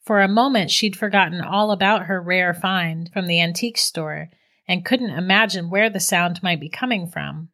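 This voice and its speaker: A woman reading a scripted horror story in a measured, suspenseful way. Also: lowish voice, bright, forceful tone. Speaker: narrator.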